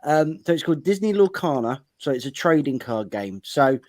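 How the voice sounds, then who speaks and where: A man's voice: a little high, sing-song, moderate pace, a little mellow. A British man hosting a podcast, explaining things in casual chat with loose, repeated phrases. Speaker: podcast host.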